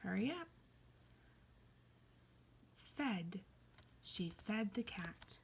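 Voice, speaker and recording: A woman teaching a kindergarten reading lesson, playful, slipping into high excited cries and soft whispers. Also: takes it slowly, vocal fry, breathy edge.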